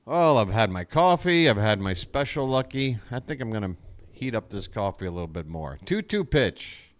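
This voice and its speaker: A man doing live fan play-by-play of a baseball game, exasperated and sarcastic, with jokey asides between pitches. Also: very animated, moderate pace. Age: adult.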